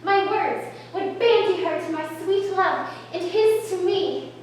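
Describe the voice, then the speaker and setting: Actress as eager young girl in love, very high voice, slow delivery, echoey distant stage. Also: a little hiss or hum. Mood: longing. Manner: impatient, pleading, eager. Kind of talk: live stage acting. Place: outdoor stage. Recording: distant echoey stage recording, faint ambience.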